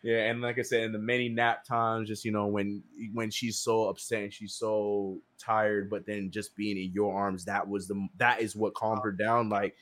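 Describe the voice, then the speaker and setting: A man in casual chat about fatherhood, talking haltingly with many restarts and laughs. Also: fairly low pitch, level tone, a bit bright. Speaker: podcast co-host, father.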